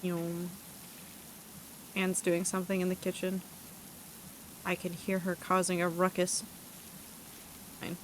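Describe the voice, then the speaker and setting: A woman's voice: on the low side, monotone, takes it slowly, long pauses, slight background noise. Chatty woman streamer reading chat. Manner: chatty, rambling, laughs at herself. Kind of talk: casual chat reading live chat while gaming.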